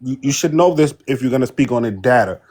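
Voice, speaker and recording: A man's voice: mid-range voice, lively intonation, quick pace, darkish tone. A man from Brooklyn calling into a live debate, out of breath, who presses the same question over and over. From Brooklyn, New York. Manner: persistent, repeats his question. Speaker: caller. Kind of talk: heated debate.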